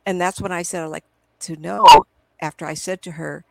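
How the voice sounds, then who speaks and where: In a fairly low, fairly even voice with vocal fry, a middle-aged psychic medium chats at normal speed during a live video interview. Her storytelling rambles and includes quotes from her own earlier conversations, and the computer call audio is very noisy.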